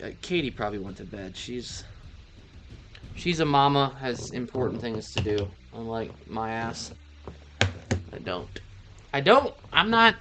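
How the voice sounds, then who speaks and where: A man streaming his game run, his speech swinging up and down a lot as he rambles. His voice is bright and sharp, and he swears freely, drifts off topic and chats to his cat. Faint room noise sits under him. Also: mid-range voice. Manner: loose, profane, rambling, talks to his cat between plays. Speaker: gaming streamer. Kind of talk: casual live-stream chat while playing.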